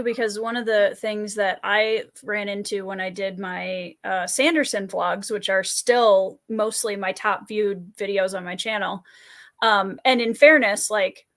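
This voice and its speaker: A woman's voice: mid-range voice, fairly bright tone. Chatty woman podcast host. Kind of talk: casual chat.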